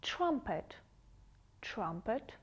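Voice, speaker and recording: A woman English teacher giving a TV lesson to children, saying each word slowly and carefully and repeating it twice. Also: a little high, sing-song, slightly rough.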